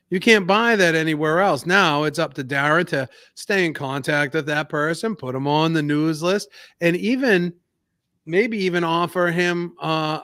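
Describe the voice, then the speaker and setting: A man's voice: fairly high pitch, a bit bright, no echo, clean studio sound. An American man co-hosting a podcast, talking in an earnest, emphatic, somewhat preachy way. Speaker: podcast co-host. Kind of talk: casual podcast talk.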